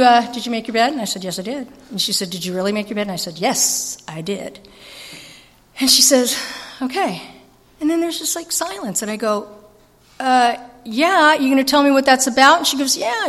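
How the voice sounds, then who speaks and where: A fast, animated woman tells a personal story with self-mocking humor. Her voice sits a bit high and carries a long reverb, as if she were speaking in a large hall. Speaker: speaker sharing recovery story. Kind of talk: storytelling talk.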